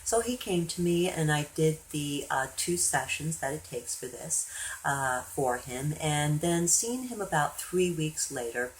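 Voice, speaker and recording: Woman, low voice, hypnotherapist, chatty storytelling, faint ambient noise. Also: measured pace, rough recording. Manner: chatty, animated when quoting others. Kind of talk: storytelling monologue.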